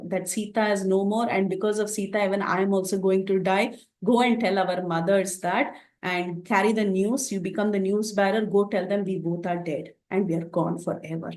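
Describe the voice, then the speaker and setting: A woman voicing a grief-stricken young prince who pleads and calls out in anguish, her voice pitched higher than her plain narration. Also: a little mellow, reverberant, natural voice. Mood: despairing. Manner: anguished pleading, calling out questions.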